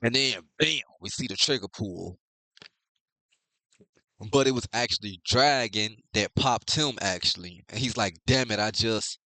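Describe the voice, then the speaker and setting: A young man casually recapping and reacting to a comic chapter, loose and profane, reading out the dialogue flatly. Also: lowish voice, measured pace, no room sound. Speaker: manga reviewer.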